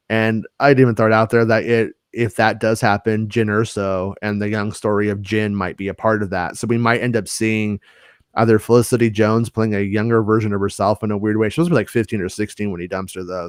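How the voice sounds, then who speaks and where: A man's voice: on the low side, flat delivery, brisk, clean tone, dry recording, clean studio sound. A man chatting casually on a podcast, telling stories in a rambling way with many restarts and fillers. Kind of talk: casual chat.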